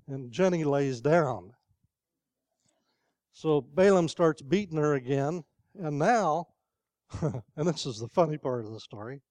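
A man's voice: a little high, unhurried, a little mellow, dry recording. An older man preaching a sermon in a conversational storytelling way, asking the congregation questions.

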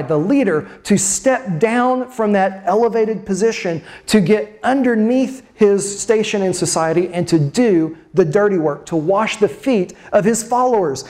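A preacher delivering a sermon with expressive, slow dramatic emphasis and rhetorical questions. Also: mid-range voice.

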